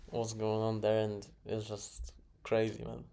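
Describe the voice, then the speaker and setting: A man's voice: on the low side, completely flat delivery, measured pace, warm tone. A man casually reviewing his own chess games, muttering moves, correcting himself and chuckling along the way. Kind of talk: casual game review commentary. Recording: clear background noise.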